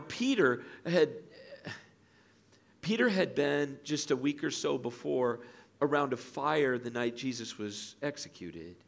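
A middle-aged male pastor preaching a sermon in an auditorium, telling a story with lively acted-out voices. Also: mid-range voice. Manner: animated storytelling, acts out quoted voices.

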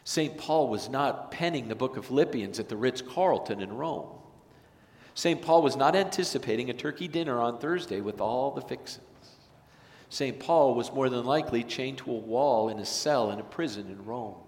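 Male pastor, sermon, mid-pitched, dynamic loud-to-quiet delivery, long church reverb. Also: moderate pace. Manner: animated, swings from loud to hushed. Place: church sanctuary.

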